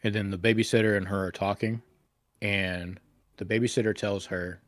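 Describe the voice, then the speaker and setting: A man with a fairly low voice co-hosts a casual podcast, rambling and cursing as he recounts a story. The sound is dry and close, with little room echo. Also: fairly even intonation, normal speed, fairly bright tone. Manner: crude, rambling retelling with profanity. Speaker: podcast co-host.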